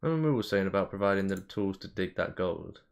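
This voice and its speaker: Low, gravelly young man. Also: animated, quick pace. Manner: chants a word over and over in a low mutter between remarks. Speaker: livestream co-host. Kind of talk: casual stream banter.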